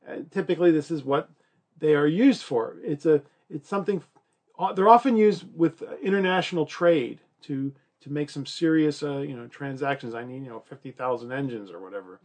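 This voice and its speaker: A man teaching a college class in an easygoing, joking manner. His voice sits a little higher than most men's, and his talk is full of fillers and playful acted-out quotes. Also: a little fast, a little mellow. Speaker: college instructor. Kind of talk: recorded classroom lecture.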